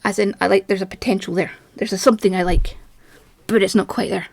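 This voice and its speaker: A woman's voice: mid-range voice, expressive, a little fast, a little mellow, no room sound. Annoyed lady venting to camera, kinda breathless, rambly, dry room. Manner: agitated, rambling, self-mocking. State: slightly out of breath. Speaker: vlogger. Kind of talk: ranting monologue to camera.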